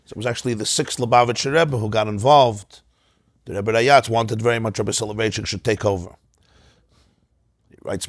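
A man teaching a Torah class in a study hall, telling stories in a lively way, with many Yiddish and Hebrew terms. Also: lowish voice, a little fast, long pauses, clean studio sound.

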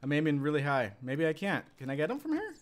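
This is live gameplay commentary from a young Canadian man playing a survival game, talking fast in a high-leaning voice. Easily excited, he keeps the chat casual but yelps and panic-laughs when the game turns on him.

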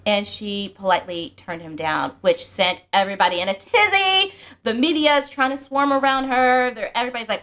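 Chatty mom hosting a book vlog. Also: female voice, on the high side, a little fast. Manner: animated storyteller, lots of "like". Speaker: book channel host and mother. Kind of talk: casual family chat.

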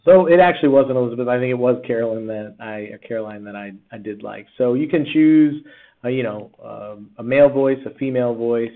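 A man, a teacher, talking casually through a screen-recorded software tutorial with lots of fillers and restarts. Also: mid-range voice, fairly quick. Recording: tinny, phone-like sound.

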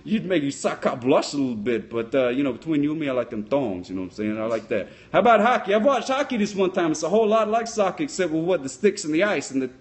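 A boastful, dim-witted sock-puppet policeman, voiced by a man, rambles through answers. His voice sits a bit high, full of goofy bravado. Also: very animated, fast, hardly any pauses. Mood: rambling. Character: dopey, boastful male sock-puppet cop. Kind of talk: comic puppet Q&A.

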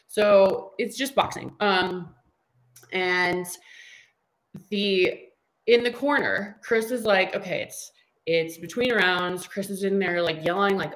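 A woman in her thirties, guesting on a casual interview, tells stories energetically and acts out what people said. Her mid-range voice moves slowly, and the recording quality is low.

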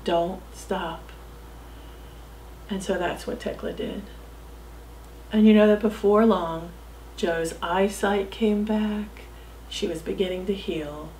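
A woman telling a missionary story to children, with dramatic shifts from loud calls to soft whispers. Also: medium pitch, steady tone, unhurried, echoey room, a little hiss or hum, rough recording. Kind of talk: storytelling narration.

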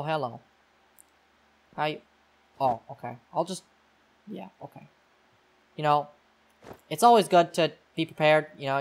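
A young man playing a horror game and giving rambling, self-mocking casual commentary into a desk mic. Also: fairly high pitch. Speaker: gaming YouTuber.

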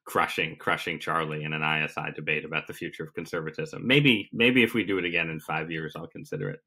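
A man's voice: rumbling low, quick pace, bright, forceful tone, slightly rough. A man being interviewed as a guest columnist, talking casually with wry, self-deprecating humor.

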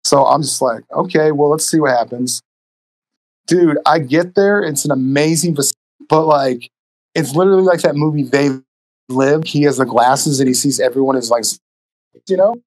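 A man telling stories casually on a podcast as a guest, animated and profane, acting out the people in his stories. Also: a little high, normal speed. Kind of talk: casual storytelling.

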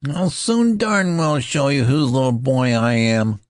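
A man reading an audiobook, voicing a small boy who is really an old general, shrill and commanding. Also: very animated, measured pace, dry recording, studio quality.

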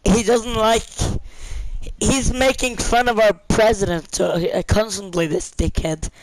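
A man's voice: sits high, fairly even intonation, unhurried, rough recording. An American man in casual gaming voice chat, rowdy and teasing, swearing often. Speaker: gamer in voice chat.

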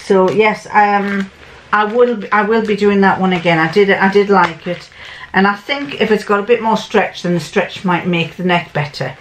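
A woman's voice: mid-range voice, normal speed, a little hiss or hum. An older woman, chatting casually to camera as a sewing vlogger. She rambles and often restarts or corrects herself mid-sentence.

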